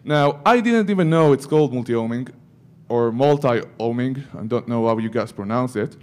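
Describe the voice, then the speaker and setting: A man's voice: medium pitch, fairly quick, darkish tone. A man giving a security conference talk, breaking into joking asides to the audience. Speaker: conference speaker.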